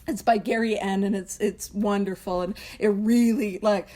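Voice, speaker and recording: A woman's voice: medium pitch, fairly even intonation, normal speed, mellow. A young woman leading a casual recovery book study, chatty and self-deprecating, often laughing and slipping into little character voices. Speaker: study group leader.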